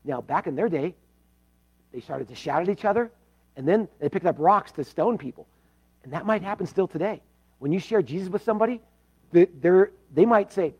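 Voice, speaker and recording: A man preaching a sermon as pastor, earnest, moving between loud emphatic points and hushed pleading prayer. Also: high-pitched, animated, a little fast, breathy edge, lo-fi sound. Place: church service.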